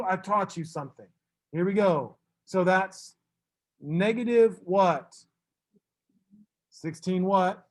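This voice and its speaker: Brisk high-voiced male math teacher. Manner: brisk, teasing, fusses at students then reassures. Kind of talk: classroom teaching.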